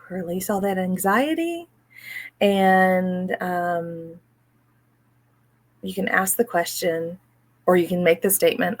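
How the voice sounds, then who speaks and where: A woman hosts her own channel about money mindset and talks to the viewer in a chatty, upbeat way. Her pitch sits in an ordinary middle range. Now and then she eases into a soft, slow voice to guide a breathing exercise. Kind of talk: casual personal talk to camera.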